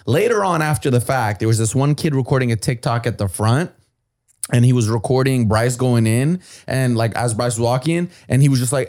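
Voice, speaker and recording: A man animatedly telling a story on a podcast, acting out the quotes and swearing freely in casual talk. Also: a little fast. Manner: acts out quotes with lively swings in pitch and volume.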